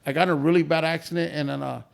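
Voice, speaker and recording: A man's voice: a little high, fairly even intonation, rapid-fire, creaky. A man guesting on a podcast, telling family stories in a laid-back, casual way, swearing freely and laughing as he goes. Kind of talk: casual storytelling chat.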